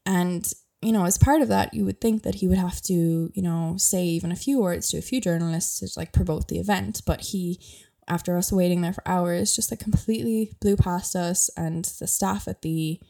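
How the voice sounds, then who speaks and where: A woman's voice: fairly low pitch, steady tone, normal speed, gravelly, hardly any pauses, warm tone. A young Irish woman hosting a podcast, chatting casually and rambling with lots of fillers. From Ireland. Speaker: podcast host. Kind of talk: casual chat.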